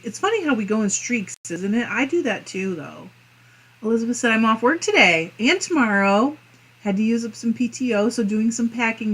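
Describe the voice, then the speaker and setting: Midwestern woman host, mid-pitched voice, casual and chatty as she reads viewer comments aloud on a live crafting stream. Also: husky, rough recording. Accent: Midwestern American. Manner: chatty and friendly, muses aloud with small laughs.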